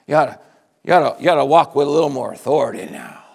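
A man preaching a sermon as pastor, swinging between hushed lines and loud shouted bursts, acting out his listeners in quotes. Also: mid-range voice, quick pace, creaky. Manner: acts out listeners' voices in quotes.

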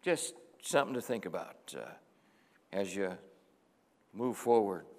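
A middle-aged man preaching a sermon as pastor, moving between quiet reflection and emphatic exhortation. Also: fairly low pitch, animated, a little slow, long reverb tail.

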